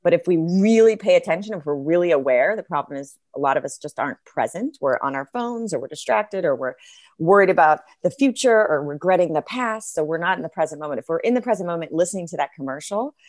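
Woman guest, very low voice, earnest and explanatory, close dry recording. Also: lively intonation, quick pace, a little mellow, no room sound. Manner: earnest, explanatory, builds ideas in lists. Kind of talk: casual interview chat.

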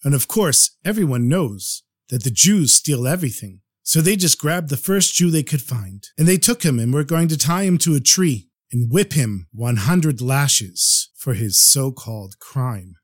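A man telling a story on his podcast, animated and acting out each character. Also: medium pitch, a little slow, hardly any pauses.

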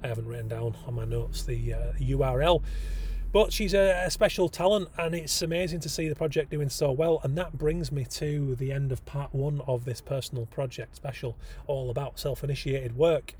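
A man's voice: mid-range voice, steady tone, moderate pace, darkish tone, slight background noise. A man hosting a casual solo podcast, talking enthusiastically with frequent ums and rambling asides. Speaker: podcast host.

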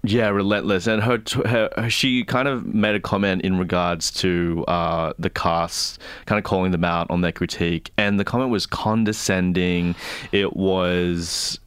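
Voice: sits low, steady tone, unhurried, smooth, dry recording. A podcast co-host in casual conversation, loose and full of fillers. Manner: conversational, uses fillers, slips of speech. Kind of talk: casual chat.

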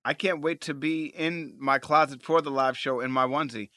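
A man co-hosting a podcast, playful and animated in casual chat. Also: fairly high pitch, moderate pace, no room sound, clean studio sound. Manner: playful, animated, loud bursts. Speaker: podcast co-host.

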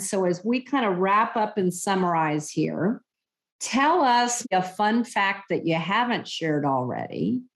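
A woman hosting a podcast interview, enthusiastic and polished. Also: fairly low pitch. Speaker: podcast host.

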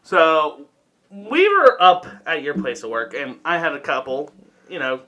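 Bright, lively young guy telling a story. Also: on the high side, unhurried. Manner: heavy swearing, rambling, laughing often. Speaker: podcast co-host. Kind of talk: casual storytelling chat.

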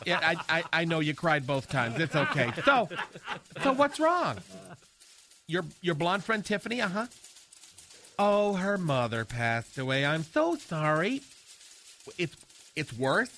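A flamboyant, fussy gossip in a comedy radio sketch. He talks in a high, bright, unhurried sing-song. He gushes with theatrical sighs. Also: big pitch swings, full character voice. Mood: campy gossip.

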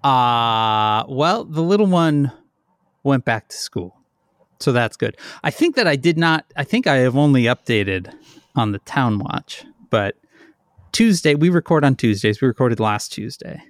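Middle-aged male podcast co-host, rambling self-deprecating storyteller, winded, mid-pitch, dry close sound. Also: big pitch swings, a little slow, no echo. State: out of breath. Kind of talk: casual chat.

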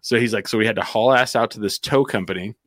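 A man's voice: fairly low pitch, quick pace, fairly bright tone, no echo, clean studio sound. A man from New Mexico telling a long story in casual chat, rambling with fillers and acting out quotes.

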